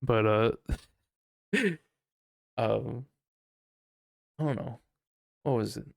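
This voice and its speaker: Male podcast host, gravelly voice, dry close sound, loose, profane, rambling solo chat. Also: medium pitch, lively intonation, extremely slow, dry recording. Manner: rambling, profane, unsure musing. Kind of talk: casual solo podcast monologue.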